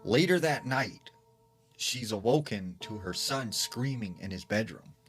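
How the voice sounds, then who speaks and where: A man's voice: fairly low pitch, lively intonation, a little slow, soft background music. Casual man retelling a creepy story. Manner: conversational, lots of "like" and "you know".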